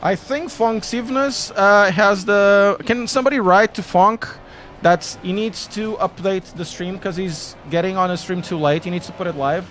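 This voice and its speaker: On a sim racing live stream, a Portuguese man chats casually and rambles in a joking, self-deprecating way. His voice is high and fairly bright, delivered at a normal speed over soft background music.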